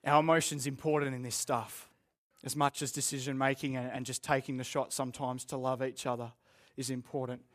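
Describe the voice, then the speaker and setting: A man's voice: mid-range voice, little pitch movement, fairly quick. Earnest young Australian man preaching. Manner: earnest, candid and self-deprecating, with joking asides. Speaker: pastor. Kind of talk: sermon. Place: church room with a live congregation.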